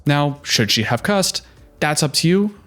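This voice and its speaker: A man's voice: a little high, animated, a little slow, a bit bright, soft background music. A young man hosting a reaction video, giving a heated, sarcastic recap of a TV show. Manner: heated, sarcastic, mocking quoted voices. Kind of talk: opinionated TV recap commentary.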